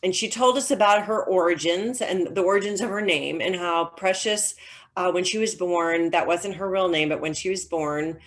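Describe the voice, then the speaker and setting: A woman's voice: lowish voice, moderate pace. A middle-aged woman novelist chatting over a video call, telling stories with lots of ums and restarts. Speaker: novelist, guest author. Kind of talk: casual conversational interview.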